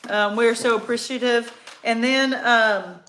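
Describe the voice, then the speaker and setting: A woman's voice: on the high side, fairly even intonation, measured pace, sharp tone. A woman co-hosting a casual farm livestream, chatting and reading viewer comments aloud. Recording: echoey room with faint noise.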